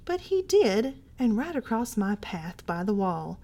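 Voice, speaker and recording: A woman's voice: medium pitch, big pitch swings, a little slow. Woman giving an intense story reading. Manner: intense, shifting between hushed whispers and agitated outbursts. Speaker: library podcast reader. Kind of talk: dramatic reading of a first-person story.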